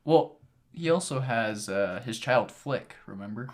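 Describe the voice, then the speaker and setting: A man's voice: mid-range voice, animated, measured pace. A young man co-hosting a podcast, chiming in with playful, goofy remarks in casual chat. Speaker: podcast co-host.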